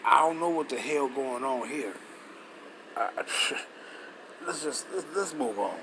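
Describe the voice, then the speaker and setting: A man's voice: medium pitch, animated, takes it slowly, gravelly, background noise. A man teaching scripture in a loose, casual way, reading passages aloud and breaking off with blunt, profane comments and rhetorical questions.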